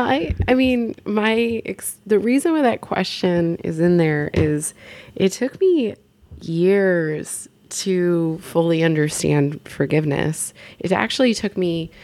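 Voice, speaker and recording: A woman in casual conversation, speaking slowly and hesitantly with many fillers. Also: mid-range voice, mellow.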